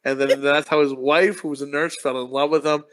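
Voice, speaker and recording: A man co-hosting a casual podcast chat, talking fast, skipping words and acting out characters' lines as he retells a story. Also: fairly high pitch, fairly even intonation, a bit bright. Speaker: podcast co-host.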